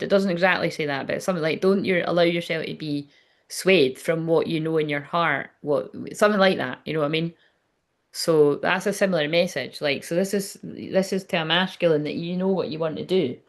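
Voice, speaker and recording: A woman's voice: fairly low pitch, brisk. Chatty woman giving a psychic reading. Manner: chatty, rambling, laughs often, swears. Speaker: psychic medium host. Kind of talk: casual livestream reading.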